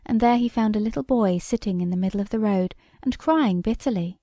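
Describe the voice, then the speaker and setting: A woman reads a storybook aloud in a measured, wry manner. Her voice is gravelly and mellow, and the recording is dry and close. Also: mid-range voice, no room sound. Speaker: audiobook reader. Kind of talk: storybook narration.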